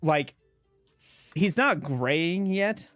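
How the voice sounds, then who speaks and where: A man's voice: fairly high pitch, lively intonation, drawn-out words, fairly bright tone, no room sound, faint music behind. Rambling man narrating as game master. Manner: rambling, many ums.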